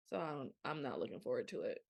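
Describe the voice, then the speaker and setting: Gravelly-voiced woman, frank and colloquial. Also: extremely low pitch. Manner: frank, animated storytelling with colloquial speech. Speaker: podcast host. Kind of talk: candid casual monologue.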